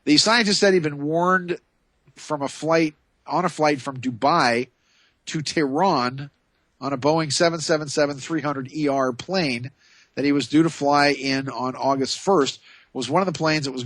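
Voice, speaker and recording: A male talk radio host with a fairly high, tense, forceful voice, recorded dry and close on a studio microphone. He rambles through his monologue with sarcastic, mocking asides. Between the asides he reads items aloud in a slower, deliberate voice. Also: no echo.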